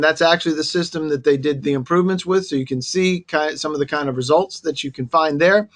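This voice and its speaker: A man hosting an online government briefing, friendly as he walks through a list of web resources. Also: fairly high pitch. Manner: friendly, lists web resources in a steady presenter tone. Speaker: webinar host.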